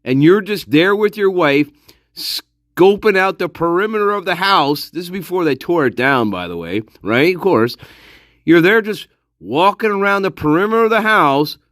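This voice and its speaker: A man's voice: a little high, a bit bright, no room sound, studio quality. A man hosting a casual livestream, sarcastic and profane, laughing often as he mocks. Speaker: livestream host.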